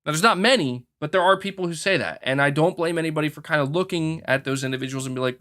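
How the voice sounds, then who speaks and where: A man hosting a gaming podcast, talking in a casual, animated rant and acting out quoted people. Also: on the high side, quick pace, few pauses. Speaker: podcast host.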